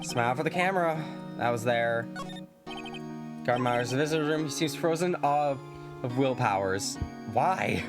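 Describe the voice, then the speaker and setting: A woman's voice: rumbling low, lively intonation, measured pace, pauses often, over music. A woman streamer chatting casually while playing a story game, with offhand, wry asides.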